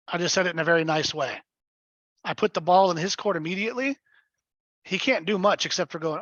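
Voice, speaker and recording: High-pitched man running a webinar for sales agents, blunt and emphatic; dull, dry lo-fi call audio. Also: animated, fast talker, a bit bright, no room sound. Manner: blunt and emphatic, often checks in with "right?". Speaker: real estate sales trainer. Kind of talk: live webinar coaching.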